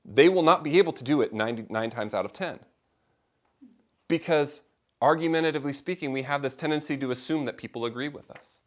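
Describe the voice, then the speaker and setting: A man's voice: fairly high pitch, a little fast. A middle-aged man leading a faith discussion class, talking informally to a small group and acting out the people he quotes. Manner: conversational, animated, acts out quoted voices.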